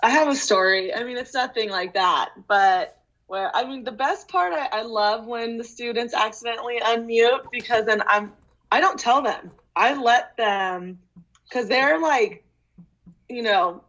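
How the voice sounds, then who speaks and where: A woman's voice: fairly high pitch, a little slow, a bit bright. Rambling woman teacher, dull lo-fi sound. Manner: rambling, loose, with many fillers. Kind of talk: casual chat.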